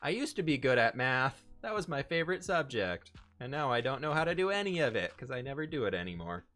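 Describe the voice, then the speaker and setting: A man's voice: mid-range voice, big pitch swings, fast talker, a bit bright, faint music behind. A man in his twenties, from Pennsylvania, hosting a livestream in a chatty way, laughing often and reading chat aloud. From Pennsylvania, USA. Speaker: livestream host. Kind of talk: casual chat while gaming.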